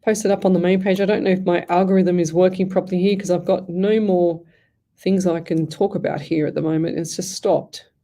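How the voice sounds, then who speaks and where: A woman's voice: fairly low pitch, fairly even intonation, brisk, mellow. A woman hosting a live radio show as a psychic medium, chatty and rambling with frequent restarts. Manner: chatty, rambling, thinks aloud with many restarts.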